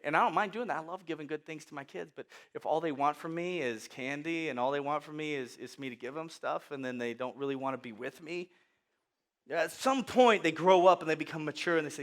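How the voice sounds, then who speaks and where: A man preaching a sermon, telling the story with lively acted voices and sudden loud outbursts. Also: a little high, fast talker. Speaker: pastor.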